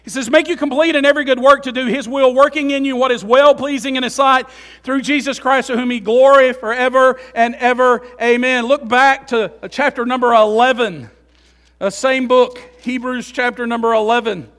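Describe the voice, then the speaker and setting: A pastor preaching a sermon, swinging between loud, emphatic passages and quiet, low asides, often repeating and restarting his phrases. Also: steady tone, normal speed.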